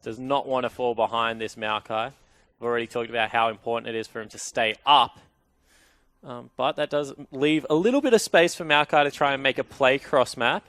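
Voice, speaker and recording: A man's voice: medium pitch, brisk, fairly bright tone, no echo. A man giving analytical color commentary on an esports match, with dry teasing banter toward his co-caster.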